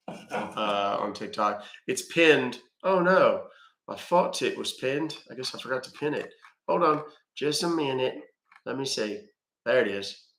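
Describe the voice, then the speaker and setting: A man's voice: medium pitch, sharp tone, reverberant. A man hosting a livestream who chats loosely and swears freely. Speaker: livestream host. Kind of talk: casual livestream chat.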